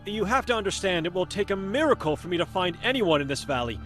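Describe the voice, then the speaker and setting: A man's voice: high-pitched, expressive, quick pace, a bit bright, faint music behind. A man voicing a young monk in a game who presses with earnest questions about his missing sister. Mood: urgent, earnest.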